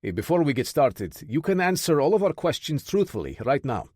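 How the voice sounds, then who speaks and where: A calm male interrogator, voiced by an audiobook narrator, coldly polite and measured with a quiet menace. The read is close and dry. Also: fairly high pitch, breathy edge, dry recording.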